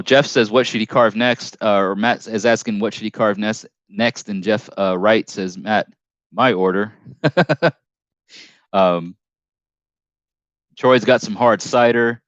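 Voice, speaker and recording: Rambling low-voiced man hosting a live stream. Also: slow, pauses often, fairly bright tone, no room sound, highs cut off. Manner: rambling, jokey, stumbling restarts. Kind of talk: casual live stream chat reading comments.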